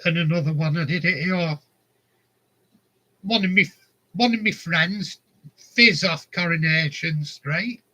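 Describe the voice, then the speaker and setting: A man's voice: fairly high pitch, a little slow, long pauses, bright, forceful tone, rough recording. A man, casually telling rambling anecdotes and chuckling often. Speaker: vlogger. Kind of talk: casual storytelling.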